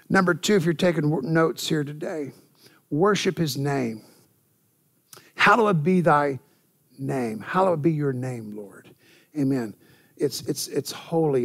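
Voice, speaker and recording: A male pastor delivers an animated church sermon, repeating words and punctuating his points with "amen". His voice sits a little high and has a gravelly edge.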